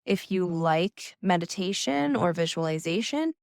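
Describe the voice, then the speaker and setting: Woman, young adult, gentle wellness coach, unhurried and soothing. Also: lowish voice, lively intonation, gravelly, no echo, studio quality. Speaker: nervous system coach. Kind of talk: calm instructional talk.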